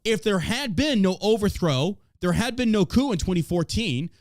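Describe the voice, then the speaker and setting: A man from the United States hosting a podcast, ranting in a crude, mocking, animated way about politics. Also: high voice, moderate pace, dry recording, studio quality. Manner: animated, crude, mocking, puts on silly voices for others. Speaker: podcast host. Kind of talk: profane political podcast rant.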